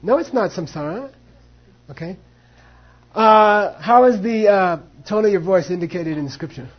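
A husky, high-pitched man leads a class, acting out both sides of a debate and dropping in Tibetan phrases. The recording sounds dull and lo-fi. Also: expressive, measured pace. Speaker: Buddhist philosophy teacher. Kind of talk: teaching a class on monastic debate.

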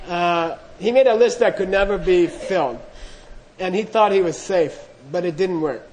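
Casual male dharma teacher, high-ish voice, chatty asides. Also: normal speed, a little mellow, rough recording. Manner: chatty, full of "you know" asides, laughing. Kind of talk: storytelling talk.

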